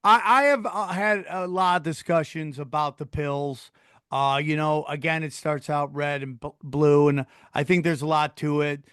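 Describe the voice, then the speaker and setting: A man's voice: on the high side, steady tone, normal speed, a bit bright, smooth, no echo, clean studio sound. A man hosting a podcast in casual chat, talking in an earnest, rambling way. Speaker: podcast host.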